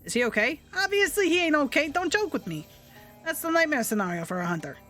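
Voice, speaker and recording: A woman voicing a rough, boastful male hunter who talks in blunt, dropped-grammar speech. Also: high voice, very animated, quick pace, a bit bright, soft background music, pitched above the performer's own voice.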